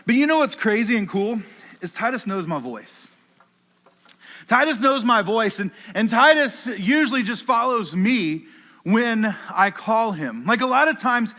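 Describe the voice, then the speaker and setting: Man speaking casual youth preacher, high bright voice. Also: long reverb tail. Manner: casual, chatty preaching with many fillers; talks to his dog in low soft commands. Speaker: youth pastor. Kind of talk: sermon.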